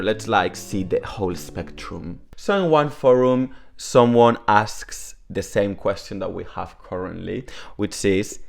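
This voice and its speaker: A man with a fairly low voice teaches Spanish at home in a loose, chatty way, his first language being Spanish. He fills his sentences with "like" and wanders off on small asides. Soft music plays faintly under his voice. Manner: chatty, many "like" fillers, talks to his dog. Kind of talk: casual online Spanish lesson.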